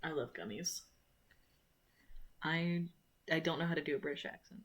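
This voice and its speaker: Husky-voiced American streamer chatting. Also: medium pitch, normal speed, fairly bright tone. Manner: rambling, self-mocking, laughs often. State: sore mouth after dental surgery. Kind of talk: casual live-stream chat.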